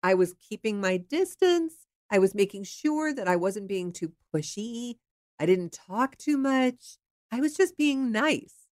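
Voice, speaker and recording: A woman's voice: medium pitch, big pitch swings, unhurried, darkish tone, dry recording, studio quality. A woman from the Pittsburgh area candidly telling a personal dating story in a frank, chatty way, with the odd swear. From Pittsburgh area, USA. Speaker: storyteller sharing her dating life.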